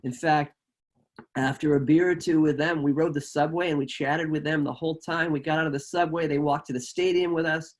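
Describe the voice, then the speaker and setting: A man telling a personal story at a live show, animated and acting out the people he quotes. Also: on the high side, a little fast.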